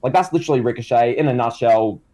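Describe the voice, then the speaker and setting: A man with a medium-pitched, dark voice talks quickly as a co-host of a casual comedy chat. His storytelling rambles, packed with fillers and restarts.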